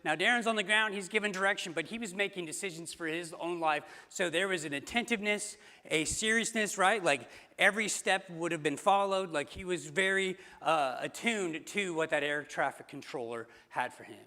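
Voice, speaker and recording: A man's voice: high-pitched, moderate pace, hardly any pauses, pushed and bright. A man preaching a sermon as pastor, telling a story in a conversational way with fillers and restarts. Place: church sanctuary. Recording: long church hall reverb.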